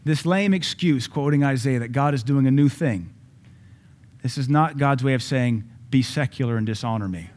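Man, pastor, sermon, loud high peaks, quiet quick asides, slow stressed scripture reading. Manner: reads scripture slowly with emphasis.

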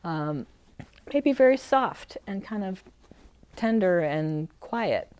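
A middle-aged woman teaching an emotional healing practice in a gentle, earnest way, acting out feelings in short quoted lines. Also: mid-range voice, expressive, takes it slowly, no echo. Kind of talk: reflective teaching talk.

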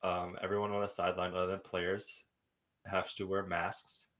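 Male podcast host, low voice, teasing and quick to laugh. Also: completely flat delivery, a bit bright. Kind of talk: casual podcast chat.

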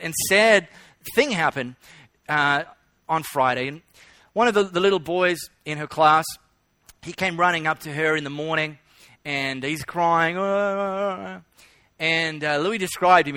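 A male pastor delivers a sermon in a high, bright voice. He tells stories and leans hard on repeated key phrases. The sound is dry and close, with no room echo. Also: a little slow. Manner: storytelling, emphatic repetition.

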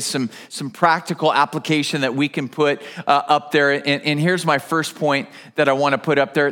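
A middle-aged man preaching a sermon as pastor, telling stories in an animated way with frequent restarts. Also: on the high side.

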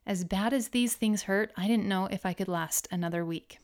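A woman narrating her own memoir in an audiobook reading, with expressive storytelling. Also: mid-range voice, moderate pace.

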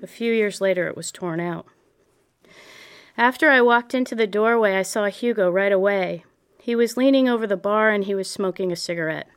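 A woman narrating a memoir audiobook in a measured, reflective way. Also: mid-range voice, clean tone.

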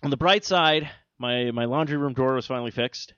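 A male podcast host in loose, casual chat, telling rambling stories packed with swearing. His voice sounds a bit dull, and the recording is dry and close. His pitch is middle of the range. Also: fairly quick, a bit bright, clear, resonant tone, dry recording. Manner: rambling, profane storytelling.

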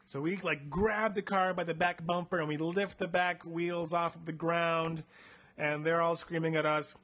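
A man's voice: on the high side, steady tone, normal speed, fairly bright tone. A young man casually retelling a story on a comedy podcast, chatty and playful, with lots of filler words. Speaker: podcast host reading a choose-your-path book aloud.

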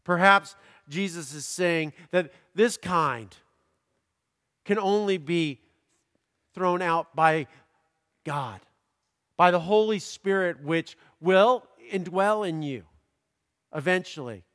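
A man preaching, reading a scripture passage aloud and pausing to comment on it in a slow, deliberate manner. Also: high-pitched, fairly bright tone. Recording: long hall reverb.

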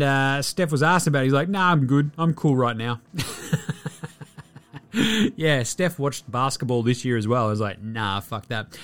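An Australian man hosting a basketball podcast, reeling off numbers with jokes and the odd swear word. His pitch swings around a lot as he talks, with faint music underneath. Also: a bit bright, clean tone. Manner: jokey, sweary, rattling off stats. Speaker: podcast host. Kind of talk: casual sports podcast chat.

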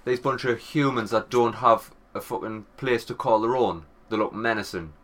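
A man's voice: mid-range voice, moderate pace. A Northern English man co-hosting a podcast, telling rambling, sweary stories in casual banter. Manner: rambling, sweary, animated storytelling. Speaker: podcast co-host.

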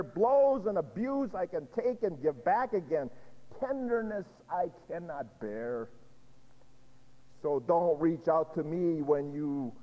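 A man voicing a bitter, defiant young kitchen maid in a recited dramatic monologue. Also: fairly high pitch. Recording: dull echoey hall recording.

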